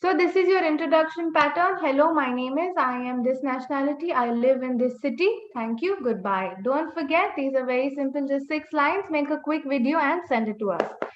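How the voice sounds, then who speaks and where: Woman teacher on a webinar: high voice, unhurried patient drilling, echoey, dull call audio. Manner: slow, patient drilling with repeated corrections. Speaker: language teacher. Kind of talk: online class teaching. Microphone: video call.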